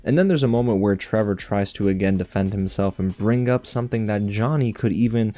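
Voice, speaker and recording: A man recapping a reality show in casual commentary, animated and sarcastic, with big jumps in pitch on his asides. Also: fairly quick. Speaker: TV show reviewer.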